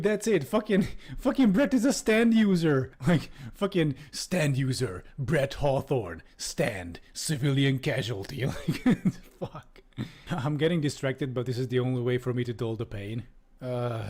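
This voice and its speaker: A man's voice: mid-range voice, a little mellow. A man streaming, reading a book aloud and commenting on it in a casual tone, with lots of swearing and laughter.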